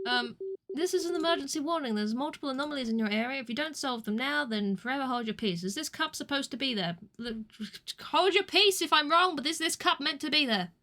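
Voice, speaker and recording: A woman streamer chatting casually over a game, self-mocking and prone to sudden loud shouting. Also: high-pitched. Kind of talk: casual gameplay commentary. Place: home.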